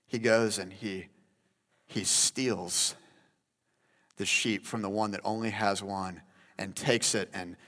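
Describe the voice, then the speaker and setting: A calm prophet telling a quick, plain story, as a preacher speaks for him. The voice stays level and unhurried in tone. A hall's long reverb trails after it. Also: male voice, lowish voice.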